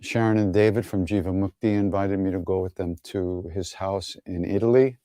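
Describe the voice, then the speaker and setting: A man's voice: sits low, fairly even intonation, normal speed, dark tone, no echo, studio quality. A man hosting an online gathering, answering viewer questions in an easygoing, wry way, telling stories with many fillers and chuckles. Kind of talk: casual online Q&A storytelling.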